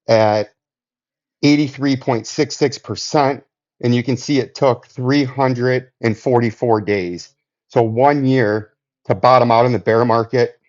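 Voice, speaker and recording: A man giving casual, profane market commentary over charts, out of breath and rambling with drawn-out emphasis. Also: medium pitch, darkish tone, muffled recording.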